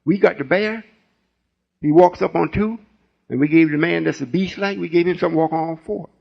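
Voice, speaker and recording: An older man in his late sixties delivers a folksy, rambling teaching with call-and-response asides. His voice is husky and sits a little high. The recording sounds muffled and lo-fi. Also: a little fast. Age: 60s. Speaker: spiritual teacher. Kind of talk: informal sermon teaching.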